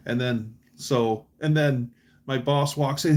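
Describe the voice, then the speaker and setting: A man hosting a livestream, telling long casual stories with restarts and animated quotes. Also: medium pitch, a little slow. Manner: rambling anecdotes with restarts, quotes voices animatedly. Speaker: livestream host.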